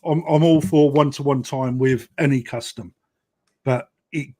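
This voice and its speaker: A man's voice: medium pitch, steady tone, measured pace, darkish tone. A man, a koi dealer, talking bluntly on a live-stream chat and tagging points with "right?". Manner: blunt, emphatic, keeps adding "right?".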